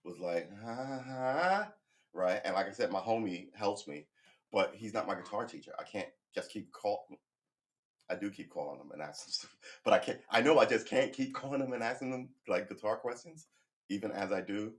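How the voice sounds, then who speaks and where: Sitting on his sofa at home, a middle-aged man chats loosely on a livestream, close to a desk mic, in between bits of guitar practice. His slightly low voice moves a little fast as he rambles, makes fun of himself and swears through a pep talk.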